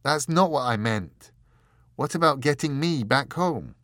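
A man's voice: medium pitch, expressive, measured pace, fairly bright tone, no echo, studio quality, pitched above the performer's own voice. A man doing an exasperated ordinary young man. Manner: exasperated, emphatic, questioning. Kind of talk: audiobook character voice.

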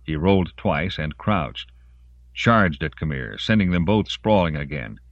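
A man narrating a story in an expressive storytelling voice. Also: extremely low pitch, a little slow, no room sound, dull audio. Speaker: audiobook narrator. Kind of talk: scripted narration.

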